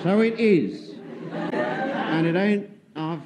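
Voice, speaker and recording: An actor playing a mild, polite, diffident middle-aged sergeant who speaks in a refined way. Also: male voice, sits high, very slow, over a noisy crowd. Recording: hissy old radio recording.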